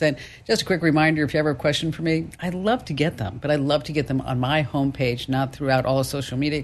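A woman hosting a call-in radio show, talking in an upbeat, chatty way with quick asides. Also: sits low. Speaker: radio talk show host.

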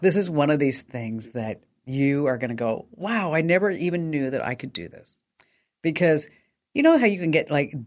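An upbeat woman hosts a call-in tech radio show. She moves from chatty tips into a breezy sponsor read, talking quickly and lightly. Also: extremely low pitch, darkish tone.

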